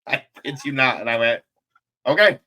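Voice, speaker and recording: A man hosting a podcast, chatting casually and telling lively stories in which he acts out what people said. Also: on the low side, a little fast. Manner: animated storyteller, acts out quotes. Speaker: podcast host.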